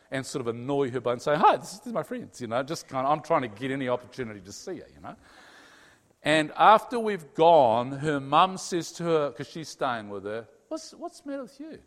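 A man telling a personal story to a live audience in an animated way, acting out both sides of the conversations. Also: medium pitch. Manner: animated storyteller, acts out his own and God's replies in dialogue. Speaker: speaker sharing a personal story. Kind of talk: testimony talk to a live audience. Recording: hall reverb.

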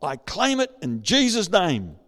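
Male preacher, high voice, very animated, storytelling, reverberant church hall. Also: measured pace. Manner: storytelling, builds to shouting. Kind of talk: sermon.

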